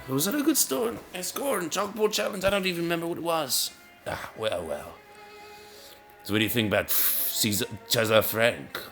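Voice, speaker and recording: Bright, rambling male gamer. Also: mid-range voice. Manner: rambling, self-mocking, easily sidetracked. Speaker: gaming video host. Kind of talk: casual rambling gameplay commentary.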